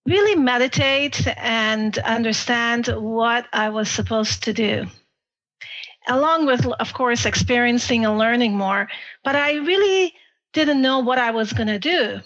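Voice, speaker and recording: A woman doctor, a guest on a talk radio interview, speaks in a reflective, unhurried way. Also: a little high, a bit bright. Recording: muffled radio broadcast.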